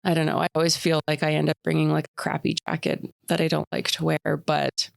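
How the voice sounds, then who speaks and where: A woman's voice: low-pitched, monotone, brisk, creaky, no room sound. A woman co-hosting a podcast in casual chat, playful and self-mocking, laughing often. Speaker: podcast co-host.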